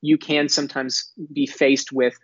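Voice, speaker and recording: A young man from Texas gives an earnest, articulate podcast interview. His words come out measured, with small restarts as he builds each point. The sound is dry and somewhat dull, with no room around it. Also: medium pitch, level tone, slightly rough, dry recording. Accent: none, mostly neutral American with a faint Texas drawl at times. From Dallas, Texas. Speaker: guest, entrepreneur.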